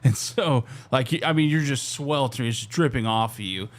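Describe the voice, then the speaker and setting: A man's voice: mid-range voice, moderate pace. A man co-hosting a casual podcast chat, rambling and correcting himself as he goes, with a teasing streak. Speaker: co-host.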